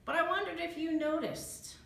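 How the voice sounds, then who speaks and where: A woman's voice: extremely high pitch, steady tone, normal speed, vocal fry, bright, forceful tone, slight background noise. A woman librarian giving a chatty screen-share tutorial, thinking aloud as she clicks through a research tool. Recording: echoey room.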